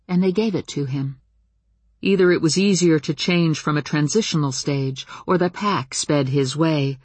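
A woman reads a first-person novel aloud with a measured, dramatic delivery. Her voice has a husky edge. It sits close and dry on a studio mic. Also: sits low, no room sound. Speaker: audiobook narrator. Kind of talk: first-person fiction narration.

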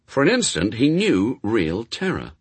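A man narrating an audiobook with wry, expressive storytelling. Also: mid-range voice, unhurried, slightly rough, no room sound.

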